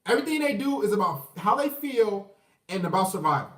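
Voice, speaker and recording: High-voiced ranting man in his thirties. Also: sing-song, fairly quick, recorded from a distance. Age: 30s. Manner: profane, rambling, mocking voices, shout-outs to viewers. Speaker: livestream host. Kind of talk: ranting livestream commentary. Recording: roomy echo, away from the mic.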